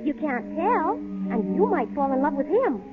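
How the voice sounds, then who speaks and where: A woman's voice: high-pitched, big pitch swings, unhurried. An actress in a 1940s radio drama playing a confident, teasing young woman. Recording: tinny old radio broadcast with music.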